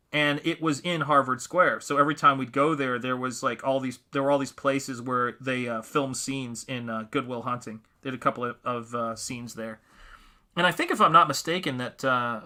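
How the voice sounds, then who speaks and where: A man's voice: mid-range voice, bright, forceful tone. A man hosting a live painting stream, chatting casually and rambling as he reads out viewer comments. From New England.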